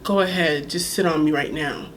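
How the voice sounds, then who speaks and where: A pushy adult man who keeps coaxing in a low, hushed voice, as a young woman puts him on while telling a storytime. His voice sits lower than her own. A faint room ambience hangs behind it. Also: normal speed, slight background noise. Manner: quiet, coaxing.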